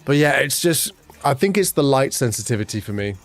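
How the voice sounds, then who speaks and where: A young man chatting casually with his livestream chat, talking fast and swearing, with his pitch jumping up whenever he quotes someone. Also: animated, faint music behind. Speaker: streamer.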